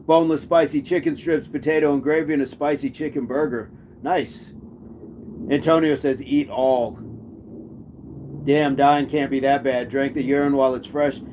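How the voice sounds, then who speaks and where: A man hosts a relaxed live chat, reading out viewers' comments and riffing on them with jokes. His voice sits at an ordinary middle pitch, and a faint hiss of background noise runs under the recording. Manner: jokey, reads comments aloud and riffs on them.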